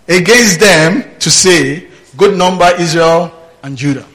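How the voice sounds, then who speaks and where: A man preaching a sermon, reading verses aloud and stopping to ask his listeners what comes next. His voice sits somewhat high for a man, and he takes his time over every phrase. He laughs often and asks rhetorical questions. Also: measured pace, a bit bright, low-quality recording. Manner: reads scripture aloud and prompts the congregation with "what?". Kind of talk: sermon, Bible teaching.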